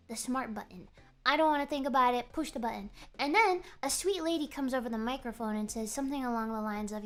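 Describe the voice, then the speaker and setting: Lively high-voiced woman, joking chat. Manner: animated, joking, rambling storyteller. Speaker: VTuber streamer. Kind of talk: casual chat stream.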